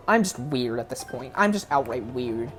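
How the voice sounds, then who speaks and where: A woman giving casual, rambling let's play commentary, frank and often correcting herself. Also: rumbling low.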